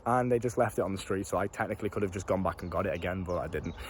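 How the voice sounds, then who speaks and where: A man's voice: low voice, rapid-fire, slight background noise. A young man with a British accent, telling stories to camera in a casual way, swearing freely and using street slang. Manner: brash, laughs at his own stories. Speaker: life coach.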